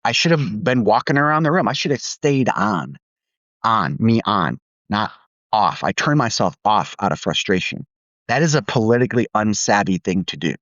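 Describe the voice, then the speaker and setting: A candid, self-deprecating man tells a workplace story in a low voice, laughing now and then as he goes. The sound is dull and dry, with a slightly lo-fi feel. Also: lively intonation, normal speed, fairly bright tone, dry recording. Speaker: podcast co-host. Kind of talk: storytelling podcast chat.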